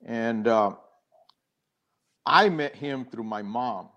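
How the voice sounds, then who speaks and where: A man's voice: mid-range voice, takes it slowly, a bit bright, highs cut off. An older man, a guest in an interview, earnestly telling a personal story with many restarts and acted-out quoted dialogue.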